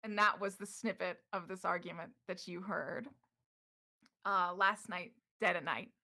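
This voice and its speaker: Bright-voiced woman game master. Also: on the low side, unhurried. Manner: chatty, affectionate, with frequent ums. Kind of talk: narrating a tabletop game.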